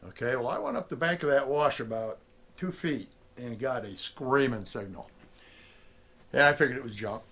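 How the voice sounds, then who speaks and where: A man's voice: medium pitch, moderate pace, slightly rough. A middle-aged man, a prospecting vlogger, telling a story casually and acting out the lines of the people in it. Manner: animated storyteller, acts out quotes.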